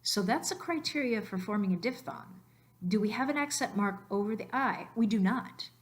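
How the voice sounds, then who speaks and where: A woman narrating a slide lesson on Spanish phonetics, explaining patiently and slowing down to stress key words. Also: mid-range voice, animated. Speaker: Spanish teacher.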